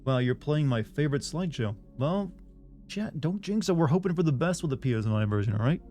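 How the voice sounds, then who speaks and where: A man's voice: fairly high pitch, animated, a little fast, darkish tone, soft background music. A man from the US South, with no regional accent, streaming a game and chatting casually, reading viewer messages aloud and answering them in a rambling way. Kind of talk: casual live-stream chat.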